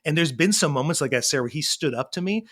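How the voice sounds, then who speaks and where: A middle-aged man, a parenting coach, talking in a casual interview and telling stories with lively, acted-out quotes. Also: on the high side, fast talker. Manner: animated storytelling, acting out quoted voices.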